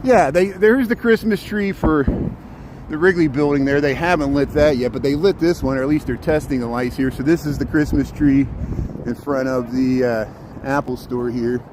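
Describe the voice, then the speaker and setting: Recorded on a handheld phone amid loud traffic noise, a man narrates a live stream while walking through the city. He talks at normal speed in a mid-range voice, chatting casually and greeting viewers by name.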